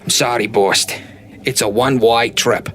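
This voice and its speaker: A man's voice: mid-range voice, fairly even intonation, measured pace, fairly bright tone, slight background noise, lightly acted. A man doing a fretful male companion. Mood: serious.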